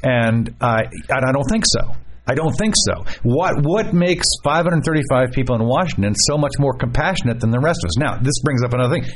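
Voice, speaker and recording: A man hosting a radio talk show, casual political talk with animated, repetitive delivery and jokey asides. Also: medium pitch, fairly quick, noisy background.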